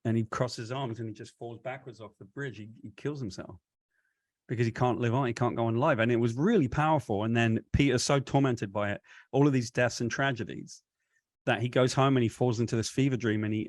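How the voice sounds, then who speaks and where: A man's voice: mid-range voice, dry recording, studio quality. A man being interviewed, telling a long, winding story about his career with many self-corrections. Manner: rambling, animated retelling with self-corrections. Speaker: comic book writer, guest.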